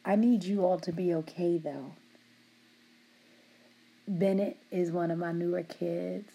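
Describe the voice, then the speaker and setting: Husky, slow-talking woman with a gravelly edge. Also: on the low side, fairly even intonation, dark tone. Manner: laughs often, teasing yet heartfelt. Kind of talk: affectionate shout-outs to her team.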